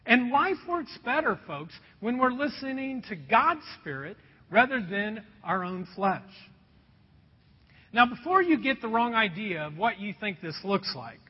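A man preaching a sermon as pastor, telling stories with lively energy and dropping to a hush at times. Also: very high voice, breathy edge. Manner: animated storytelling, drops to a hush. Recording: dull sound with long hall reverb.

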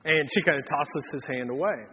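A man in his thirties preaches with a high, husky voice, telling homespun stories and doing the voices of the people in them. The sound is dull and carries a long church-hall reverb. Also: normal speed. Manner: folksy storytelling with quoted voices. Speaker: pastor. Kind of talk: sermon.

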